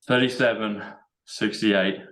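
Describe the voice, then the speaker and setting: An English man hosting a casual chat, excitable and rambling as he works through number codes aloud. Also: lowish voice, measured pace, echoey room. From England. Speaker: show host.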